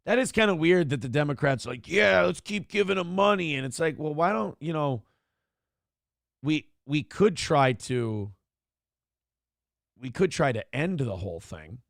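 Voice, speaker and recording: A man's voice: mid-range voice, sing-song, unhurried, long pauses, no echo, clean studio sound. A man hosting a morning show, giving blunt, profane, ranting commentary on the news and reading out chat comments.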